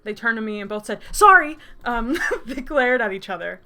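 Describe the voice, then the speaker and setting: A YouTuber in her twenties reads her old writing aloud quickly, in a medium-pitched, slightly bright voice. She keeps stopping to laugh and make mocking, sarcastic asides.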